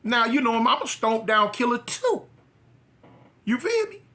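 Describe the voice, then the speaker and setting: Animated, bright-voiced man telling a story. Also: moderate pace. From California. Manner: animated, acts out dialogue with rising pitch. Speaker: former prisoner telling his story. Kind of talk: casual storytelling.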